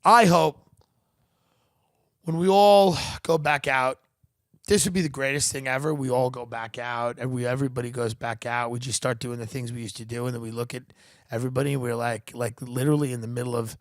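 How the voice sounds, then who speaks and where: A man's voice: medium pitch, steady tone, fairly quick, dry recording, clean studio sound. A man hosting a comedy podcast, riffing in a profane, sarcastic, rambling monologue.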